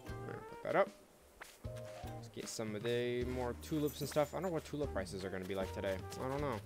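A man at a medium pitch talks casually over a video game, relaxed and loose, dropping swear words and asides to his viewers. Soft game music plays faintly behind him. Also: fairly quick. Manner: laid-back, swears freely, chatty asides to viewers. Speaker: let's play host. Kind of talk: casual gameplay commentary.

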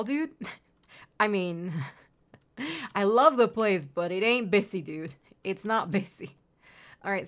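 A young adult woman streaming a game, chatting to her viewers in an excitable, casual way. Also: mid-range voice. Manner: excitable, chatty, says "dude". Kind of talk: casual livestream commentary.

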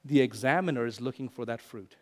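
A male pastor preaching a sermon, animated, repeating lines for emphasis and swinging from loud to hushed. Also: mid-range voice, brisk.

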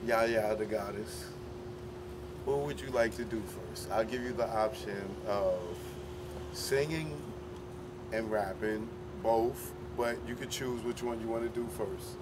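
Male host, direct casual questioning, clear street and traffic noise behind. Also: medium pitch, slow pace, pauses often. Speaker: interviewer and host. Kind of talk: street interview. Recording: street noise with passing vehicles.

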